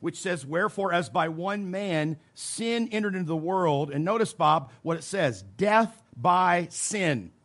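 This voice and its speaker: A man preaching a teaching sermon, emphatic, slowing down to stress scripture phrases, with folksy asides. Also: a little high, a bit bright. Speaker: preacher teaching soul-winning. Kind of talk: sermon teaching with role-played witnessing.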